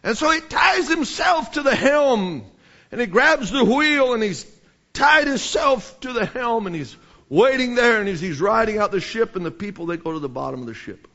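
A man preaching a sermon, telling a story with passion and rising to shouts, with many restarts. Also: very high-pitched, very animated, normal speed. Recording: dull lo-fi sermon recording.

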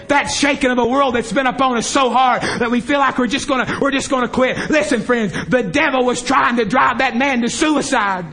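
A man's voice: extremely high pitch, moderate pace, hardly any pauses, pushed and bright. A man preaching a fervent revival sermon in a church service, impassioned and repetitive as he calls out to the congregation.

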